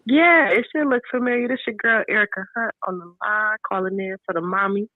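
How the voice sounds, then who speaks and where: A woman's voice: mid-range voice, brisk, no echo. A woman calls into a radio show and talks bluntly and candidly as she tells stories about her children. Her voice comes through a tinny phone line and sounds dry. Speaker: caller. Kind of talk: casual call-in chat.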